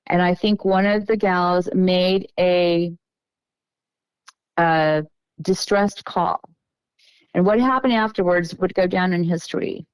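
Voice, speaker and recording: A middle-aged woman tells a long personal story as a podcast guest. She wanders and often corrects herself, and her voice is low and smooth. She is recorded close, with no room sound. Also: no echo, low-quality recording. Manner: meandering, self-correcting storyteller. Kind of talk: casual storytelling interview.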